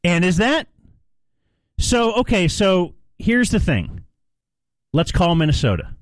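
A man's voice: high-pitched, sing-song, slow, dry recording. A man hosting live sports talk radio, chatty and playful, rambling with asides.

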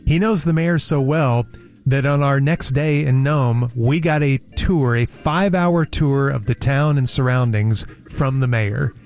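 A man's voice: medium pitch, a little slow, darkish tone, soft background music. A man on a talk show telling a travel anecdote in a casual, chatty way, repeating words and mimicking the people he quotes.

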